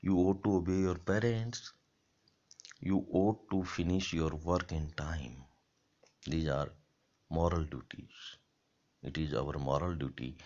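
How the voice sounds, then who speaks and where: Male lecturer, very deep and unhurried, methodical and repetitive delivery, muffled lo-fi sound. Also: a little mellow. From India. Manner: slow, deliberate, repeats example sentences. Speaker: college lecturer. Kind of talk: grammar lecture. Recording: dull lo-fi lecture recording.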